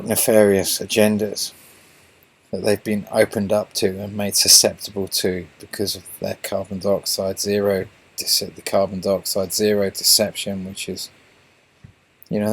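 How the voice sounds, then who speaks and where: An English man hosts his own channel, his voice low with a darkish tone. He talks to viewers in a meandering monologue full of restarts and fillers.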